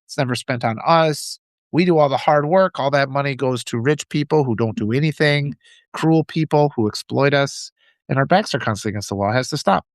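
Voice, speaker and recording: A man's voice: mid-range voice, a little fast, no echo, clean studio sound. A man hosting a livestream, giving impassioned political commentary and reading out viewers' chat, often repeating phrases for emphasis. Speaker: livestream host.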